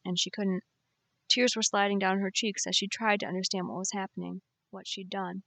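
A woman reads a novel aloud in measured, expressive audiobook narration. Her voice sits at a middle pitch, and the close mic gives it a dry sound with no room around it. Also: no room sound.

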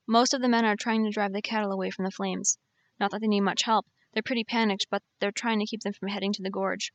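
A woman's voice: medium pitch, steady tone, fast, dry recording, natural voice. A woman reading an intense young cowboy, protective and urgent. His lines come with firm emphasis, and the sound is dry and close with no room around it.

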